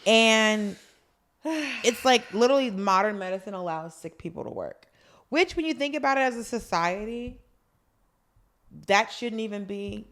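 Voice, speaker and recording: A woman's voice: a little high, measured pace, long pauses. A woman co-hosting a podcast, chatting casually and animatedly as she recaps a drama. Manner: animated, acts out characters' lines. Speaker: podcast co-host.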